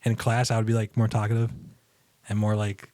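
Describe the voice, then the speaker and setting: A young man co-hosting a podcast in casual chat, talking in a relaxed, halting way with restarts and swearing. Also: lowish voice, no room sound. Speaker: podcast co-host.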